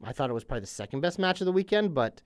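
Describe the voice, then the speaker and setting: A man's voice: a little high, very animated, very fast, clear, resonant tone. A young man co-hosting a wrestling podcast, chatting casually and leaning on "literally" and "like.". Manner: chatty, says "literally" and "like" a lot. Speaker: podcast co-host. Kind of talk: casual chat.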